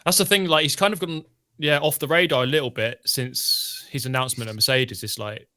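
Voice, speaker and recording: A man's voice: medium pitch, steady tone, a little fast, bright, forceful tone. A man co-hosting a live stream, chatting casually over a race and reading viewer tweets. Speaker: stream co-host. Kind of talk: casual live race watch-along chat.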